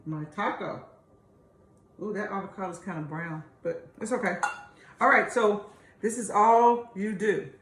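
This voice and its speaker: A woman's voice: fairly low pitch, a little hiss or hum. A woman hosting a casual home cooking video, chatty and homey, calling her viewers y'all. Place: home kitchen. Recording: echoey kitchen room.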